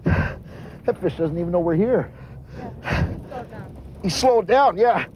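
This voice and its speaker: A man hosting a fishing show, shouting and whooping with excitement aboard a boat out at sea. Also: high voice, slow, muffled recording. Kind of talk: live reaction on a fishing trip.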